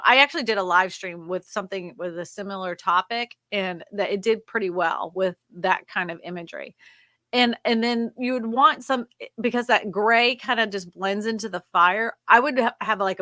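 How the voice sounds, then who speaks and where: A woman talks through feedback in a casual livestream, with a bright, forceful tone. Her delivery is direct and coaching, with quick asides. The sound is dry and close, with little room echo. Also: medium pitch. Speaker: co-host giving thumbnail feedback.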